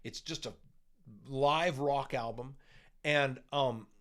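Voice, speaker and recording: A man co-hosting a casual music podcast, talking in a rambling, animated way with many restarts. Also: medium pitch, slow pace. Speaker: podcast co-host.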